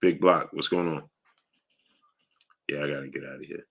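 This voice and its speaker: A man's voice: a bass voice, fairly even intonation, normal speed, vocal fry, fairly bright tone. A man hosting a casual live stream, greeting viewers by name, reading their comments and asking for likes.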